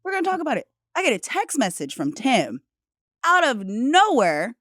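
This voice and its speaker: High, lively woman bantering on a podcast. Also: moderate pace, no room sound, clean studio sound. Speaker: podcast co-host. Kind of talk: casual chat.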